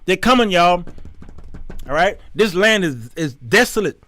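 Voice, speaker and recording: High-voiced colloquial preaching man. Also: animated, unhurried, bright, forceful tone, no room sound. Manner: emphatic, colloquial, repeats words. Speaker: talk show host teaching the Bible. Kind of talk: Bible teaching sermon.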